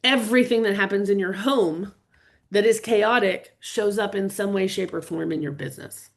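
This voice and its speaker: A woman's voice: medium pitch, normal speed, gravelly. An earnest middle-aged woman leads a live online session for real estate agents. She speaks with open feeling and talks straight to her viewers. Her voice comes through a computer webcam mic. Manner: earnest and openly emotional, chatting with viewers. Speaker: real estate business coach hosting a webinar. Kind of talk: live webinar presentation.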